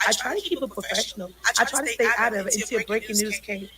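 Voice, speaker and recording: A woman's voice: mid-range voice, fast, bright, forceful tone, poor audio. A woman reporting live as a citizen journalist, talking emphatically with her voice often raised. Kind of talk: live-streamed street vlog.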